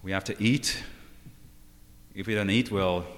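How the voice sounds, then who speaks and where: A man preaching a sermon, emphatic and unhurried, often asking the listeners rhetorical questions. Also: fairly low pitch, fairly even intonation, fairly bright tone. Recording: long hall reverb.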